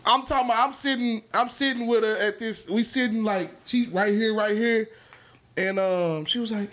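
A man guest on a podcast, telling animated stories in casual slang, dropping "bro" constantly. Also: high voice, moderate pace. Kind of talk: casual storytelling.

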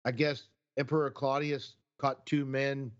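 A man chatting casually on a podcast, folksy and rambling as he reflects aloud. His voice sits at an ordinary pitch for a man. The audio is a little dull and lo-fi. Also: little pitch movement, a little slow. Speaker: podcast co-host. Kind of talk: casual chat.

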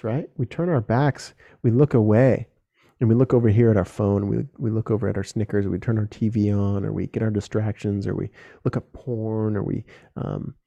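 A man's voice: lowish voice, moderate pace, warm tone. A young man hosting a solo podcast, talking earnestly and directly to other men, casual and with some swearing. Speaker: podcast host.

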